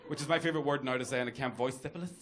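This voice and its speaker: A man's voice: medium pitch, racing, very noisy. A man doing a chatty stand-up set, addressing the crowd with camp asides. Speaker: stand-up comedian. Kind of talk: stand-up routine. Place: comedy club with live audience. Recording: live club set, loud crowd laughter.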